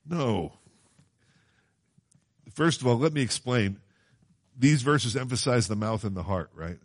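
A man with a medium-pitched, expressive voice preaches a Bible sermon at a measured pace. He's conversational, often asking his listeners questions, and quotes scripture in old-fashioned wording.

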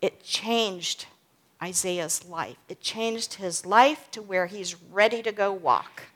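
A woman's voice: mid-range voice, takes it slowly, fairly bright tone. A woman teaching from the Bible in a casual way, often checking in with "okay?" and "right?". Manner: reads scripture aloud with emphasis, then explains casually with "okay?" and "right?".

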